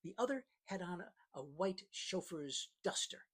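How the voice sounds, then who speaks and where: A man's voice: high-pitched, animated, a little slow, a bit bright, breathy edge. A man narrating a first-person novel in a dry, plain-spoken storytelling manner. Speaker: audiobook narrator.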